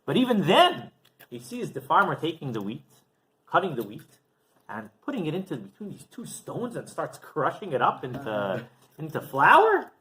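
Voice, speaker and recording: Animated rabbi telling a parable. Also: male voice, fairly high pitch, moderate pace, poor audio. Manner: animated storytelling with frequent "right?". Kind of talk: Torah class sermon.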